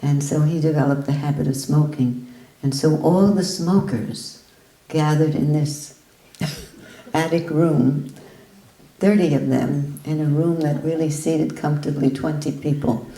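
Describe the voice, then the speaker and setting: A woman giving a spiritual talk in an ashram hall, telling an anecdote in a slow, storytelling way. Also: deep voice, steady tone, warm tone. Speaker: spiritual speaker. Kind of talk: talk with readings.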